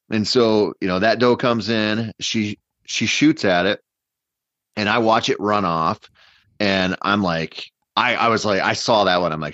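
A podcast guest who hunts tells a long, rambling story in a loose chat, speaking animatedly with many fillers and restarts. His fairly low voice comes at a moderate pace through a dull, dry mic with little room sound and no echo.

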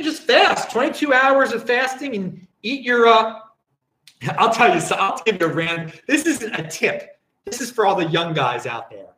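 A man's voice: sits high, a bit bright, reverberant, low-quality recording. A man hosting a casual live-streamed show, rambling and chatty as he reads out viewer comments. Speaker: show host.

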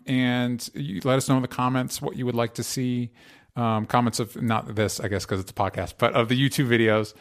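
A young man hosts a podcast in casual chat, earnest and a bit halting, full of fillers and restarts. His voice sits at an ordinary middle pitch. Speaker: podcast host.

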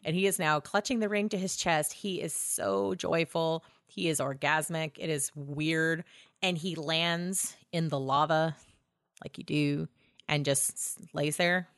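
A woman co-hosting a podcast, recapping a film in casual chat, laughing often, swearing and acting out lines in quick voices. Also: deep voice, a bit bright, no echo, studio quality. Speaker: podcast co-host.

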